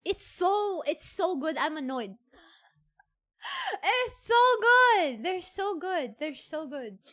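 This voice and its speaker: A woman VTuber streamer chatting casually on a livestream, excitable and gushing, often repeating herself. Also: sits high, a little slow.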